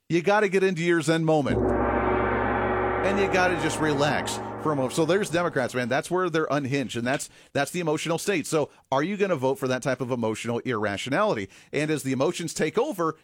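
A man's voice: on the high side, expressive, fast, faint music behind. A man hosting a political commentary show, talking with sarcastic asides and the odd chuckle. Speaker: host.

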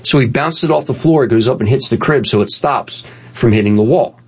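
A middle-aged man with a husky voice and ordinary pitch hosts a radio show from the studio. He spins animated stories in casual chat and laughs at his own tales. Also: a little fast. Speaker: radio show host, pest control expert.

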